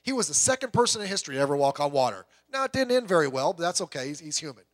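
A man's voice: on the high side, sing-song, very fast. A middle-aged man preaching a sermon in a folksy, joking, conversational way.

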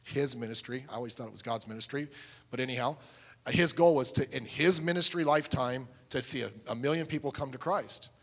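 A man's voice: mid-range voice, fairly quick, a bit bright, in a large hall. A middle-aged man preaching a sermon as a pastor, telling stories and acting out both sides of conversations.

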